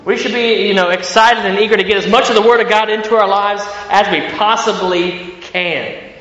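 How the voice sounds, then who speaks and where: High bright Ohio country-accented preacher. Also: male voice, moderate pace. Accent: Ohio country American. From Ohio, US Midwest. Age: late 30s. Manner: energetic, repeats words, frequent fillers. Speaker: pastor. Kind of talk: sermon. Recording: echoey hall, dull sound.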